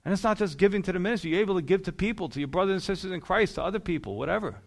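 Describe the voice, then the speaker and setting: A man, a pastor, preaching a sermon in an animated, conversational way, chuckling now and then. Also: high voice, very fast, gravelly.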